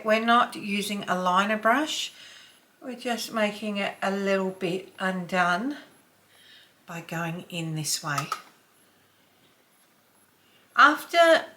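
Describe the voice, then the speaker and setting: A woman in her fifties chatting through a makeup tutorial at home, often dropping to a soft near-whisper as she works. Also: medium pitch. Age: 50s. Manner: chatty, drops to near-whisper while applying. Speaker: beauty vlogger. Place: home, dog snoring nearby.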